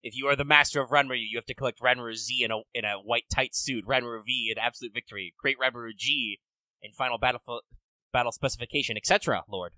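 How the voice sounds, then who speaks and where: A man co-hosting a podcast in casual chat, rambling and swearing with quick bursts of excitement. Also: mid-range voice, dry recording, low-quality recording. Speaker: podcast co-host.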